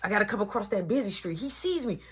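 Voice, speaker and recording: A woman telling a story in a casual storytime monologue, animated and full of sound effects. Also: fast, husky. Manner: animated, punctuates with sound effects like boom and boop.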